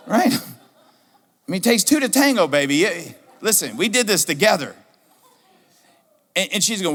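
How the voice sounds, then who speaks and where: A middle-aged man preaching a sermon as pastor, animated and repeating his key questions for emphasis. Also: high voice, a little fast, pauses often. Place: church sanctuary. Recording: reverberant church hall.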